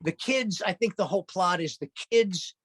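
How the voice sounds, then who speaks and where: High-voiced chatty male storyteller. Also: normal speed, a bit bright, slightly rough, no room sound. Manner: chatty storyteller, laughs often. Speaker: musician guest. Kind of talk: casual interview chat.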